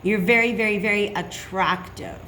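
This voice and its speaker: A woman's voice: medium pitch, steady tone, moderate pace, sharp tone, a little hiss or hum. A woman giving a casual tarot reading, chatty and reassuring, checking in with "okay?" often. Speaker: tarot reader.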